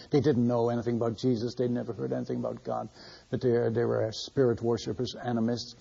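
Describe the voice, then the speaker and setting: A man's voice: mid-range voice, steady tone, brisk, gravelly, dark tone, slightly rough. An older man, a missionary preacher, telling a story in a sermon. He speaks animatedly, repeats words and acts out the dialogue. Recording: muffled lo-fi recording.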